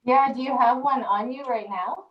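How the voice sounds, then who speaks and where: A woman's voice: fairly high pitch, normal speed, muffled recording. A woman co-hosting a casual chat show, directing the others and voicing complaints about the night. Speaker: co-host. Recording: roomy, slightly noisy mic.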